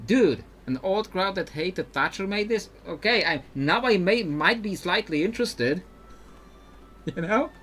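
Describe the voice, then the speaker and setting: A man chatting his way through a live game playthrough, rambling with lots of fillers and quick laughs. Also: medium pitch, a bit bright, slight background noise. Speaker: gamer.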